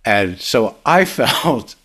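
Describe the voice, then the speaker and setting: A man's voice: medium pitch, very animated, very slow, pushed and bright. An older man, a comedy writer, telling rambling show-business stories as a podcast guest, laughing often. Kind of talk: casual anecdotal storytelling.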